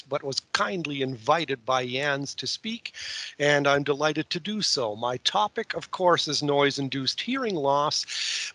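A Canadian man speaking over a video call, presenting to a webinar audience in a folksy way with joking asides. His voice sits fairly high, and the sound is dry and close with no room around it. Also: fairly bright tone, no room sound. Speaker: guest speaker.

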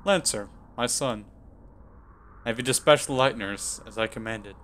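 A man voicing a cruel, grandiose tyrant king in a video game, speaking in pompous, archaic words with a low, menacing hush. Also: unhurried, a little hiss or hum, lightly acted. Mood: scornful.

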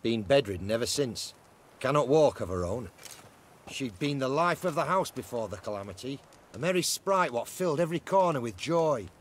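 A man's voice: mid-range voice, animated, moderate pace, slight background noise, close to an everyday voice. An actor playing a plain-spoken male servant with rustic grammar. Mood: somber.

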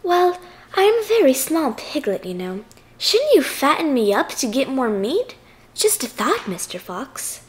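A woman's voice: sits high, big pitch swings, measured pace. A woman voicing a clever small male piglet who coaxes politely and slyly. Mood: sly coaxing. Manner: coaxing, falsely meek suggestions.

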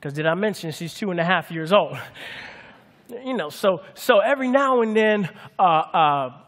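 Male pastor, high voice, playful sermon with call-and-response, long hall reverb. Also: moderate pace. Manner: lively, humorous, calls out to the congregation for answers.

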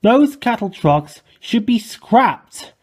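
A man's voice: high voice, big pitch swings, slow, darkish tone, breathy edge, pitched above the performer's own voice, full character voice. A man voicing a stubborn, boastful young storybook engine who argues and disbelieves, in a raised voice. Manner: argumentative, petulant.

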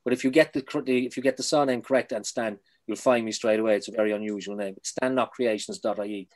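A man from Ireland, a poet, chatting in an interview, quick and self-deprecating, trailing off softly. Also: on the low side, steady tone. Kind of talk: casual interview chat.

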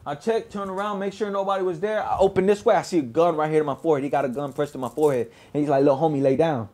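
A man tells his own story in a loose, conversational way, swearing freely and often asking "you know what I mean?" His speaking voice sits a little high for a man. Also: fairly even intonation, rapid-fire, darkish tone. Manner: laid-back, profane, fills with "you know what I mean". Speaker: storyteller recounting his past. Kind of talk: casual spoken storytelling.

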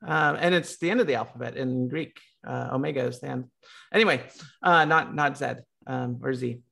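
A man's voice: mid-range voice, normal speed, vocal fry, bright, forceful tone. An American man on a discussion panel, talking casually with many ums, likes and restarts. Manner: lots of filler words and restarts.

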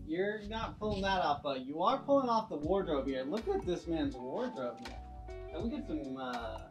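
Teasing man with a fairly high voice. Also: very animated, moderate pace, over music. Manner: teasing, wisecracking. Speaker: friend joining the tour. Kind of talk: casual banter.

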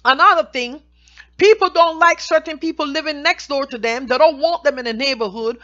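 A woman teaches scripture in a high, bright voice. She reads each verse slowly, then explains it in plain, everyday words. The recording sounds dull and lo-fi. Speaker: Bible teacher.

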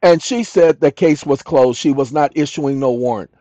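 A man's voice: mid-range voice, normal speed, warm tone, no room sound. An older man telling a story as a channel host, emphatic and repeating his key lines. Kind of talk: storytelling monologue. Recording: dull lo-fi audio.

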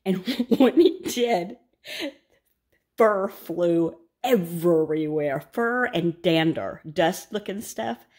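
Chatty woman, lowish voice. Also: lively intonation, drawn-out words, darkish tone. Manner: chatty, rambling storyteller who laughs often. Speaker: vlogger. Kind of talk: casual chat while cooking.

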